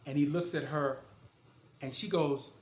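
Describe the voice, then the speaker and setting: A man's voice: fairly high pitch, steady tone, unhurried. A man, an author and motivational speaker, telling his story in a casual, earnest and emphatic way. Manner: earnest and emphatic, retelling scenes with voiced quotes. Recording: echoey room.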